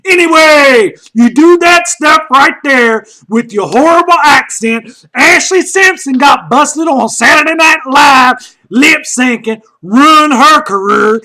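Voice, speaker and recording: Man, comedic ranter: shouty, mocking, rambling, sharp and high-pitched. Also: animated, takes it slowly. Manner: loud, mocking, often shouting; rambling with frequent "uh" fillers. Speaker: comedic commentator. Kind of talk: comedic rant.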